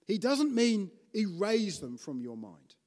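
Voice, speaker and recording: A man preaching a teaching sermon in an animated way, often restarting and putting questions to his listeners. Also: high-pitched, slow, in a large hall.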